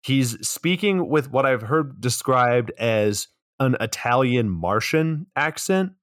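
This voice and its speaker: A man co-hosting a podcast, casually recapping a movie in a rambling, relaxed way with some swearing. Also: mid-range voice, takes it slowly, no room sound, studio quality. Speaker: podcast co-host.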